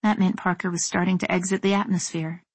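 A woman reading a first-person story in a measured, tense narrating voice. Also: on the low side, little pitch movement, husky, no echo. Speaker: audiobook narrator.

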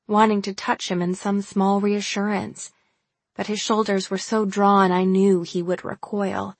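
A woman narrating a first-person novel in a wry, steady way. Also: mid-range voice, gravelly, breathy edge, no room sound. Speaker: audiobook narrator.

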